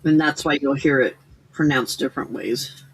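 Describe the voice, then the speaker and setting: A woman's voice: extremely low pitch, moderate pace, a little hiss or hum, rough recording. An American woman hosting a late-night crafting livestream, chatting casually and rambling with frequent laughs. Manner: rambling, laughs often, self-teasing. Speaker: livestream host. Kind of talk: casual chat while crafting.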